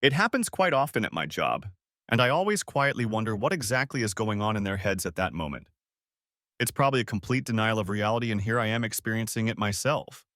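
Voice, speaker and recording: A man narrating a first-person audiobook story in a measured way. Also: on the low side, expressive, a bit bright, no room sound, clean studio sound.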